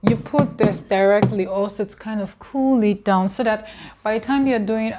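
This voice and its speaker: A woman talks straight to her camera in a chatty vlog. She delivers an absurd tutorial with a mock-serious, deadpan air, stressing how important each step is. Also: mid-range voice, normal speed. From Nigeria. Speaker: vlogger.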